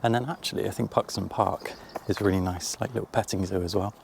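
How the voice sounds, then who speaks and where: Low gravelly guy chatting to camera on an outdoor walk, jokey about himself, faint wind and noise behind. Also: steady tone, fast. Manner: chatty, self-mocking, addresses viewer directly. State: out of breath while climbing. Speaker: vlogger. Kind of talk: casual vlog walk-and-talk. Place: outdoors, farm fields and coastal path.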